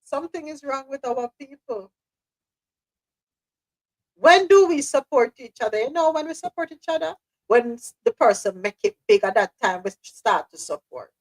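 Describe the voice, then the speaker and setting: A woman's voice: high voice, lively intonation, moderate pace, poor audio. A woman hosting a live news podcast, speaking passionately and repeating phrases for emphasis. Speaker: host.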